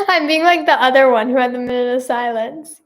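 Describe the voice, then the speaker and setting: A woman's voice: high-pitched, a bit bright. A woman giving casual reaction commentary, reading posts aloud with giggly, exclamatory remarks. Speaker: singer and video creator.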